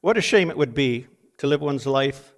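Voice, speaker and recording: A man's voice: mid-range voice, animated, normal speed. An older man preaching a sermon, reading deathbed quotes with dramatic emphasis.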